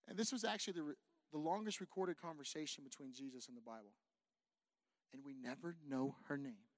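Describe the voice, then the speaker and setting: A man preaching a sermon to a congregation, animated and repetitive, pacing as he talks and acting out the people in his story. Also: fairly high pitch, brisk, no room sound. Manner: animated, repetitive, quotes figures in voices; walks around while preaching. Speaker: pastor. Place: church sanctuary with a congregation.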